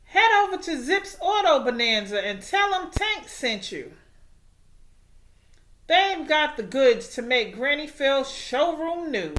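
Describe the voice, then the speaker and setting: A woman voicing a mean, hungry male monster truck in a storybook, talking gruffly with a sly, roaring edge. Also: sits high, very animated, slow pace, a bit bright, slight background noise, full character voice.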